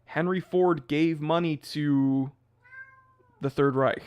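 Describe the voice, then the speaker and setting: A man's voice: on the high side, steady tone, slow pace, clear, resonant tone, dull audio. Rambling male livestream host. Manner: rambling, loose, laughs at his own jokes. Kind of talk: casual livestream chat.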